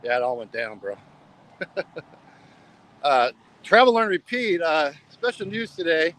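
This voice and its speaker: A man's voice: on the high side, very animated, unhurried, a bit bright, rough recording. Rambling guy walking at night. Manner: rambling, repeats himself, says "bro" a lot. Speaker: travel vlogger. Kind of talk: casual rambling vlog chat. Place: walking outdoors along a road at night.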